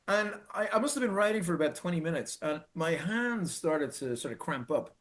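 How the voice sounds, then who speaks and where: A middle-aged Irish man telling a personal story in an earnest, halting way, restarting and repeating phrases for emphasis. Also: sits high. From Ireland. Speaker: speaker telling his own story.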